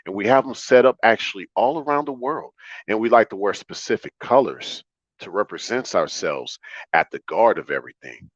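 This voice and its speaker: A man's voice: fairly low pitch, animated, moderate pace, no echo, muffled recording. A man mimicking a self-assured woman who claims to speak for true sisterhood, declaring in a grandiose way. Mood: proclaiming.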